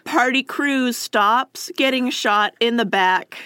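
A woman from the United States co-hosting a casual history podcast, reacting with quick jokes and lots of laughter. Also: on the high side, pushed and bright, clear, resonant tone, no room sound. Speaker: podcast co-host.

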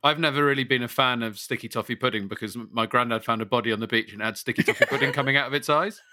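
Male co-host, very bright sharp tone, dry close sound, wry delivery. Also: mid-range voice, racing, no room sound. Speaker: podcast co-host. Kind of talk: casual chat.

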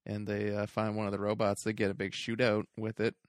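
A man's voice: on the low side, completely flat delivery, a little fast, dry recording, studio quality. A man co-hosting a podcast, from Canada, rambling through a movie recap with lots of filler words. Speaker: podcast co-host. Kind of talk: casual movie review chat.

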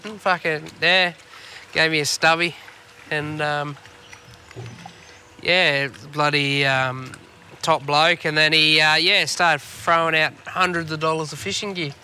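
A man's voice: a little high, steady tone, unhurried, bright, forceful tone, a little hiss or hum. An Australian man co-hosting a fishing podcast from a boat, chatting casually in a laid-back, rambling way and swearing freely. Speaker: podcast co-host. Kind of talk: casual chat. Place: on a boat on the water.

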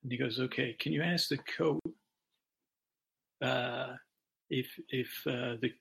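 A man's voice: medium pitch, fairly even intonation, takes it slowly, a bit bright. A man hosting a podcast, telling a meandering improvised bedtime story full of asides and restarts. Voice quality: gravelly.

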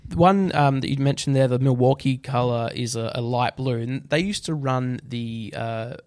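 A man's voice: mid-range voice, normal speed, no echo. Man explaining in a dry room. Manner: relaxed, explanatory, with fillers. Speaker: podcast co-host. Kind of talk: casual sports chat.

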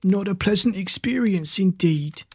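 A storyteller voicing a mysterious old man who speaks slowly in a hoarse voice, in a dry, close recording. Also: medium pitch, no echo, pitched above the performer's own voice. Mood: calm. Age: older. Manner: slow, calm and kindly. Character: mysterious wise old man with a strange cane.

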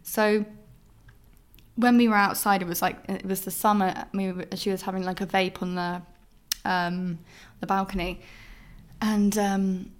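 A young woman hosting a casual solo podcast, talking candidly in a rambling way full of "like" from her flat. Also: mid-range voice, a little slow, long pauses. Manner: candid, rambling, heavy use of "like". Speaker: podcast host.

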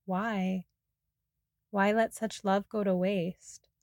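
A woman reading her personal memoir aloud in a soft, reflective, intimate way. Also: medium pitch, level tone, takes it slowly, no echo, studio quality. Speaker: narrator.

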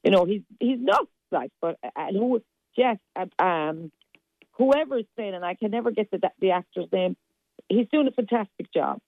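A blunt, outspoken woman gives her opinions on a radio show in a gravelly voice. She comes through a tinny, dry phone line. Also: fairly low pitch, dry recording. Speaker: radio contributor. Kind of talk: casual radio chat.

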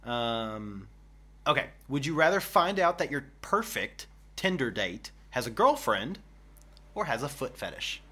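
A man's voice: mid-range voice, sing-song, unhurried, pushed and bright, slightly rough. A man co-hosting a casual chat, playful and laughing often. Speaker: podcast co-host.

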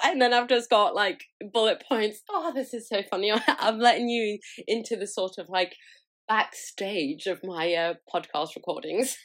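A woman's voice: medium pitch, normal speed, a bit bright. A young woman hosting her own podcast, chatting casually about her week, often breaking into giggles and poking fun at herself. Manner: giggly, chatty, self-mocking. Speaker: podcast host. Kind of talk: casual solo chat.

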